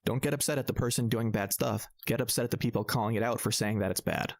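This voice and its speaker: A man's voice: medium pitch, steady tone, fast talker, gravelly, no room sound, clean studio sound. A man narrating a political commentary with sarcastic rebuttals.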